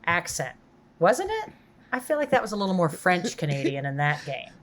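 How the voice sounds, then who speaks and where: A woman's voice: on the low side, big pitch swings, brisk, a little hiss or hum. A woman guesting on a gaming podcast, chatty and enthusiastic in casual chat.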